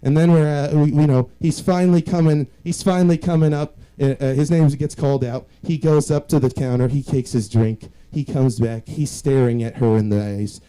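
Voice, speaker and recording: Young male stand-up, dark mellow tone, self-mocking storyteller. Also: mid-range voice, fairly even intonation, normal speed, few pauses, smooth, poor audio. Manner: self-deprecating, rambling storytelling. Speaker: stand-up comedian. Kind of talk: stand-up set.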